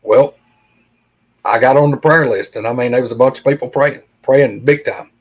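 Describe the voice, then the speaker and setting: A middle-aged man with a drawl tells a personal story as a podcast guest. His voice sits in an ordinary middle pitch, and he speaks earnestly and plainly, walking through each conversation beat by beat. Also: normal speed, breathy edge, rough recording. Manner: earnest, plain-spoken, retells dialogue with "I said".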